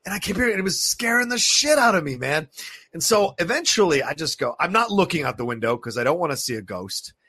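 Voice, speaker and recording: Young man, podcast co-host, lively swinging pitch, bright voice, swears freely, dry close sound. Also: quick pace, breathy edge, no echo. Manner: animated, profane, acts out voices in his story. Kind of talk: casual storytelling chat.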